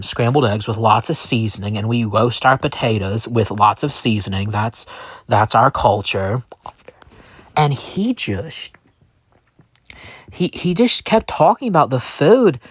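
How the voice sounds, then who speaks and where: Dude narrating his own made-up story, slow and rambly, dry sound. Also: on the low side, no room sound. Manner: rambling, with many restarts and fillers. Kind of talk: first-person story narration in character.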